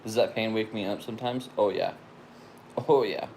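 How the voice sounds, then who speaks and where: A man's voice: on the low side, normal speed, creaky, darkish tone, a little hiss or hum. A man answering viewer questions in a casual chat, plain and matter-of-fact with short answers.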